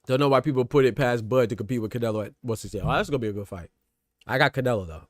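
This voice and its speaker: A congested man runs a casual boxing podcast at a quick clip, circling back over his own words. His voice is close and dry, with no room around it. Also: mid-range voice, no room sound. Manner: rambling, repeats words, talks to chat. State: stuffed up. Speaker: podcast host.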